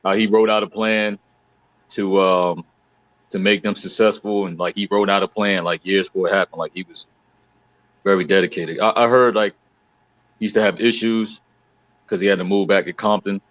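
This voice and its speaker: A man's voice: low voice, little pitch movement, normal speed, long pauses, a bit bright, no echo, dull audio. A man co-hosting a casual chat, talking in a laid-back, rambling way.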